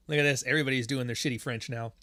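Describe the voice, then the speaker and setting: A man's voice: mid-range voice, pushed and bright, no room sound. Male podcast host, casual livestream chat, swears freely and rambles, mid-range voice, dry close sound. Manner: profane, rambling, joking.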